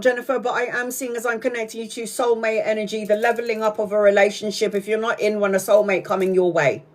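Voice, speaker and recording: A woman doing a casual live-stream tarot reading, chatty and excitable, swearing freely and calling her viewers sweetheart. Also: medium pitch. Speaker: tarot reader.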